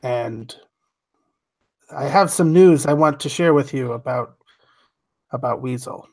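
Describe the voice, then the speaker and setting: A man's voice: mid-range voice, unhurried, a little mellow. A man voicing an earnest, literal-minded male droid who talks in stiff, formal phrasing.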